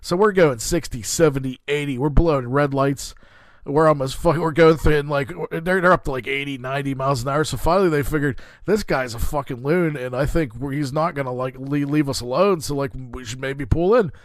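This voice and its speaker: A man's voice: mid-range voice, fairly quick, dry recording. A man hosting a podcast, telling a rambling, profane story in a heated, casual way. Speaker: podcast host.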